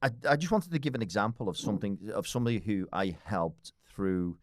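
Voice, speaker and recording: A man's voice: on the low side, very animated, brisk, no room sound, clean studio sound. A man in his forties with a British accent, talking bluntly as a podcast guest, swearing freely and laughing often. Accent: British English. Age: 40s. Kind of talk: casual podcast conversation.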